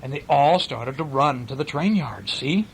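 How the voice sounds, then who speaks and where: An older man reading a picture book aloud to a child, animated and pointing out the pictures. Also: medium pitch, moderate pace, very noisy. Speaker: storyteller.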